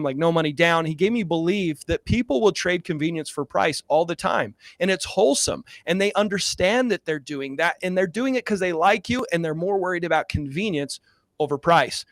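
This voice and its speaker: A man's voice: on the high side, no echo. A man guest in an interview, earnestly telling a personal story with many fillers and growing emotion. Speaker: guest, real estate investor.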